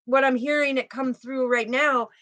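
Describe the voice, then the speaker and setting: Bright-voiced woman giving a tarot reading. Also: sits high, steady tone, moderate pace, no room sound. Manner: emphatic, repeats key phrases. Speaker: tarot card reader.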